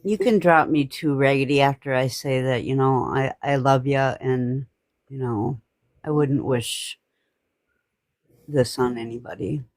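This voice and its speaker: A woman's voice: extremely low pitch, a little slow, darkish tone, no room sound, clean studio sound. A woman on a livestream, sympathetic to her friend and indignant about others. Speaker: livestream guest. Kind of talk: casual chat.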